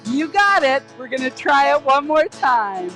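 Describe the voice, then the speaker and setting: A woman hosting a children's show, warm and encouraging as she cheers on the young viewers. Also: sits high, very animated, a little slow, music in the background. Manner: warm, encouraging, upbeat with kids. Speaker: children's entertainer host.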